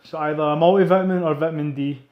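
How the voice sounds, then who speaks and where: A man's voice: on the high side, rapid-fire, reverberant, lo-fi sound. A Scottish man talking casually while he trains in a gym and answers viewers' questions on his live stream. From Scotland. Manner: relaxed, chatty, says "wee" a lot, reads and answers chat questions.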